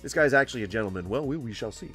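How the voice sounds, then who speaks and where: Animated man riffing in casual commentary. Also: mid-range voice, very fast, faint music behind. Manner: animated, joking, rambling asides. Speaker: host reacting to videos.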